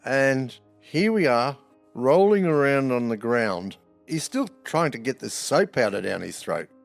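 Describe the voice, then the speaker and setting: A man, a former prison officer, spins stories in a blunt, wry way, swearing freely. His voice sits at a middling pitch. Soft music runs faintly behind him. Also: animated, unhurried, gravelly. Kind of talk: anecdotal storytelling.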